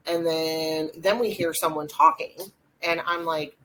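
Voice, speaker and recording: A young adult woman, co-hosting a podcast and retelling a ghost hunt in a rambling, animated way with lots of fillers. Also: fairly low pitch, measured pace, slight background noise, poor audio. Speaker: podcast co-host. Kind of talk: casual storytelling chat.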